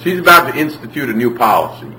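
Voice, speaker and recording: A man's voice: medium pitch, very animated, fast, bright, forceful tone. A man teaching an audience about parenting, telling stories, asking the room questions and acting out little scenes. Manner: storytelling, asks the audience questions, acts out scenes. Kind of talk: preaching to a live audience. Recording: roomy hall, mic at a distance, faint noise.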